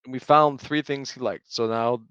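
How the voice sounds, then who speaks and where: A man co-hosting a casual podcast about parenting, telling animated stories and acting out his kids' lines. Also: mid-range voice, moderate pace, clear, resonant tone, no room sound, dull audio. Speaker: podcast co-host. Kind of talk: casual chat.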